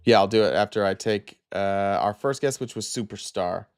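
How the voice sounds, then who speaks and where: A man's voice: lowish voice, moderate pace, smooth, no echo, clean studio sound. A tired man hosting a casual live stream, reading viewer comments aloud in a loose, rambling way full of fillers.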